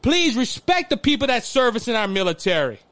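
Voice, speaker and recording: A man with a Cajun Louisiana accent hosting a political commentary show, delivering an emotional monologue that swells toward shouting, with stumbles and repeated words. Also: very high-pitched, big pitch swings, brisk.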